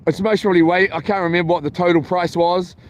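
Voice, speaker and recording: A man's voice: sits high, flat delivery, fast talker, a little hiss or hum. A man telling a meandering story for his camping vlog, full of ums and restarts. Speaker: vlogger. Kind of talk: rambling casual storytelling. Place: camping, near a boat on water.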